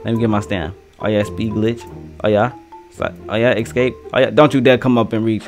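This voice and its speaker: A young man giving casual, slangy gameplay commentary, trash-talking and swinging from mumbles to yells. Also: fairly low pitch, flat delivery, brisk, over loud music. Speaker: gaming streamer.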